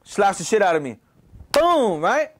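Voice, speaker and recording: A man's voice: high voice, animated, a little fast. A man from Houston, telling a personal story in a casual, profane, rambling way, full of "you know" and "right?". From Houston, Texas.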